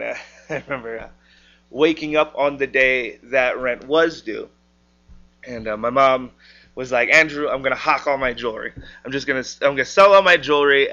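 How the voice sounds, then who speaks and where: A man's voice: mid-range voice, pushed and bright. A young man sharing a personal testimony in a casual storytelling way, acting out the voices in his story. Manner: casual storytelling, acts out quotes. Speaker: church member sharing a testimony. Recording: dull lo-fi recording.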